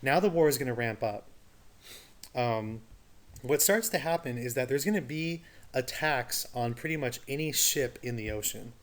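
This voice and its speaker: A man's voice: mid-range voice, lively intonation, moderate pace. A man giving a recorded history lecture in a conversational way, asking his students rhetorical questions. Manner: conversational, explains with rhetorical questions and casual asides. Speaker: teacher.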